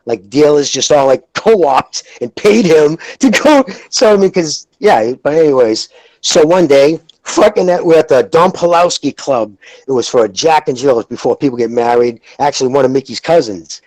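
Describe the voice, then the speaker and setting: A man, hosting a podcast and telling rambling, profane stories in a casual, animated way. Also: on the high side, moderate pace, no echo, low-quality recording. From Lowell, Massachusetts. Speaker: podcast host. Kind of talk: casual chat, storytelling.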